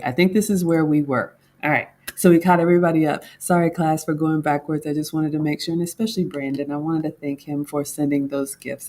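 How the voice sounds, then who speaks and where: A woman with a low voice talks casually from her home kitchen, reviewing a baking class for her viewers. She is chatty and folksy and keeps calling her audience "class" and "y'all.". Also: a little mellow. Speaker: home cook vlogger.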